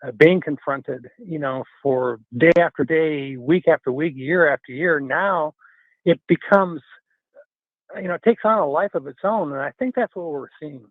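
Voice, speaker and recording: A man's voice: a little high, no echo. Earnest man calling in on a phone line. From Wisconsin. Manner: earnest, halting, many fillers. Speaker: caller. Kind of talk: call-in radio comment.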